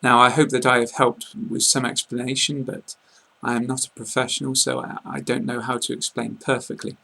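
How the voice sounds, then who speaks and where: A British man giving a casual online pronunciation lesson, speaking slowly and carefully and repeating example words. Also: medium pitch, flat delivery, vocal fry, sharp tone, slightly rough, low-quality recording. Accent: British English. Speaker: English pronunciation teacher.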